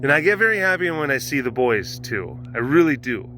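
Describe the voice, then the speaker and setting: A man's voice: mid-range voice, sing-song, brisk, noisy background. A man hosting a casual vlog at an outdoor animal compound, chatting playfully and cooing baby talk at the cats. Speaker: host.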